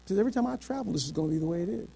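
High-pitched middle-aged man preaching a sermon, shouts then drops real quiet, quotes old-style scripture. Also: expressive, racing, gravelly. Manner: swings between shouted climaxes and low quiet passages; quotes scripture in King James wording.

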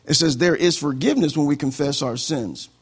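A man preaching a sermon as pastor, animated and acting out conversations. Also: a little high, brisk, breathy edge.

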